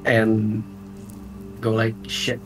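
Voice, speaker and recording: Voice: medium pitch, monotone, very slow, music in the background. A player in a tabletop role-playing game, talking casually and bluntly.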